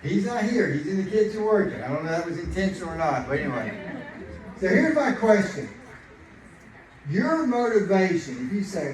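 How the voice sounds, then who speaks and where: A middle-aged man preaching a sermon, chatty and animated, telling family stories and laughing along. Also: high voice, brisk. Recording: echoey room, distant mic, noisy.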